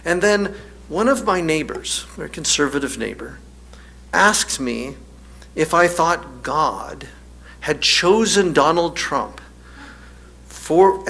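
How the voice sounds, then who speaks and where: A man's voice: a little high, vocal fry, fairly bright tone. A male minister delivering a sermon in a wry, storytelling manner, laughing often.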